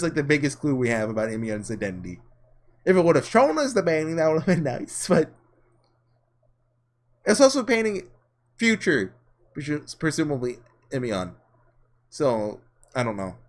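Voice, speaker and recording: A man casually thinking aloud as he plays through a story game. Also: a little high. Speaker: gaming channel host. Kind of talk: casual let's play commentary.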